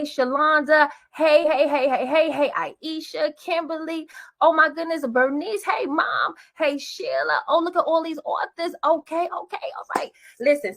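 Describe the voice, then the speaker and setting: A woman's voice: high-pitched, a bit bright. A woman hosting a webinar, talking in a hype, casual way with slang and call-and-response greetings, over a computer mic on a video call. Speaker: webinar host. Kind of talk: lively webinar presentation.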